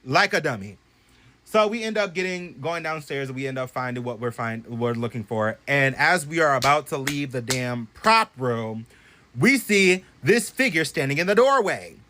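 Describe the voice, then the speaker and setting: A young man casually telling a story to his phone camera at home, animated and profane, swinging from loud bursts to hushed asides. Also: medium pitch, normal speed, a little hiss or hum. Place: bedroom at home.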